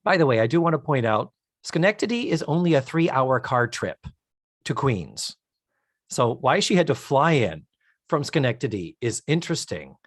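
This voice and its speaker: Speaking at normal speed in a mid-range voice, an American man co-hosts a podcast with clean studio sound and no echo. He gives an enthusiastic, detailed, animated recap of a TV episode in a casual chat.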